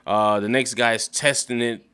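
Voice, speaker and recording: A young man casually rambling through a TV episode recap, profane and animated, breaking into quick acted quotes. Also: medium pitch, smooth. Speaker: YouTube show recapper.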